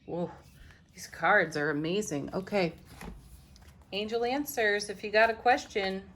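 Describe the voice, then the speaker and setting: A woman giving a gentle, affirming tarot reading, moving from card to card. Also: mid-range voice, unhurried, a little hiss or hum. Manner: gentle, affirming, laughs softly between cards. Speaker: tarot reader.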